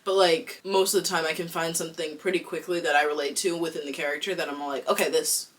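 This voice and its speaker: A woman's voice: low-pitched, fast talker. Chatty young woman from Boston. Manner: chatty, fills with "like", candid and excitable. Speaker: actor vlogger. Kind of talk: casual talk to camera.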